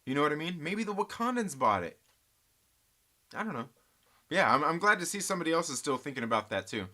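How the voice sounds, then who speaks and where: A man hosting a casual live movie chat stream, reading viewer comments aloud and thinking out loud with frequent restarts. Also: a little high, big pitch swings, fast talker.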